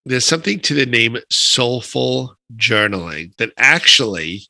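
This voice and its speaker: A man with a New York accent hosting a podcast interview, chatty and animated, with dry humor. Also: mid-range voice, measured pace, gravelly, no echo. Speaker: podcast host.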